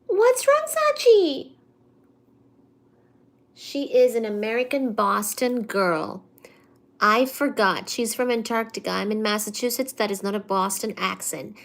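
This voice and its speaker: A woman hosts a casual live study stream from home on her computer mic, chatting with plenty of fillers and cooing baby talk at her cat between topics. Her mid-range voice is gravelly yet fairly bright, at normal speed.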